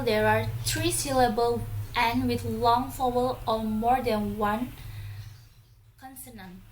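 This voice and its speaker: A woman's voice: on the high side, slight background noise, rough recording. A young woman with an Indonesian accent giving a class presentation, reading carefully from her notes and listing examples one by one. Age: young adult. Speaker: student presenter. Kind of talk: read-aloud class presentation.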